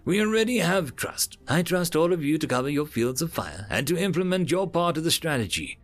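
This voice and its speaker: A man's voice: on the high side, sing-song, fairly quick, soft background music, pitched above the performer's own voice. A man voicing a proud, self-assured male alien soldier in a story reading.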